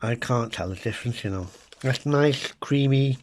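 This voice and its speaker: A middle-aged British man, a food vlogger, taste-tests food and chats casually to camera in a comic way, muttering wry asides to his viewers. His voice is mid-range and his speed is normal.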